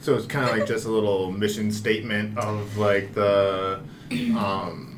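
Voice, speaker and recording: A man's voice: fairly low pitch, level tone, measured pace, slight background noise. A man hosting a casual panel, asking easygoing questions. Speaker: host.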